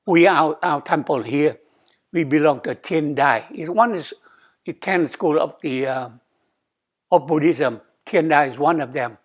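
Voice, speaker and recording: A man's voice: fairly high pitch, unhurried. An older man, an abbot, giving a sermon at a temple in simple English, often checking in with "okay?" and acting out quoted dialogue. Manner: non-native English, simple repetitive phrasing, asks "okay?"; acts out quoted dialogue with rising emphasis. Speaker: abbot giving a dharma talk. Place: temple hall.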